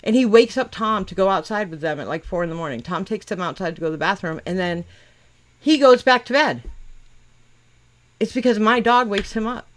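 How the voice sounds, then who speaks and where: In her casual podcast, a middle-aged woman host teases the people she talks with, speaks bluntly and swears constantly. Her mid-range voice is animated and a little fast.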